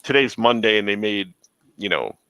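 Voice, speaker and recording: A middle-aged man with a bright, forceful voice chats casually and tells stories with animated, swinging pitch. He acts out the people in his anecdotes. The sound is close and dry. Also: normal speed, clear, resonant tone, no room sound, rough recording. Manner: animated storyteller, acts out dialogue. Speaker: host. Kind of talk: casual chat.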